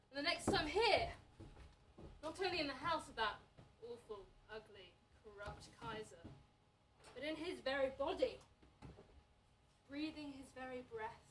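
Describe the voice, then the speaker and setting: A woman's voice: high voice, fairly bright tone. A woman voicing a furious revolutionary man trapped in an emperor's body in a comedic audio play, ranting and sneering. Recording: distant, off-mic voice.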